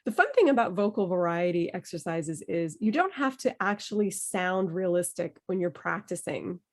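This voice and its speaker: A woman's voice: lowish voice, animated, normal speed. A woman leading an online voice workshop over a video call, playful and encouraging. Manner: playful, encouraging, demonstrates emotions with her voice. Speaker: workshop leader.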